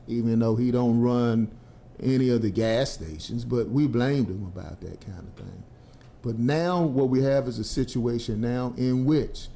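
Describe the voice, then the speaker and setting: A man hosting a radio show, breaking down the news in a folksy, animated way with plenty of slang. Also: medium pitch. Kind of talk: casual talk radio commentary.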